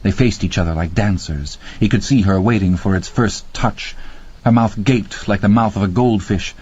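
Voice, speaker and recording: A man with a husky voice narrating a horror audiobook with slow, dramatic pacing. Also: lowish voice, darkish tone. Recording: dull lo-fi audio.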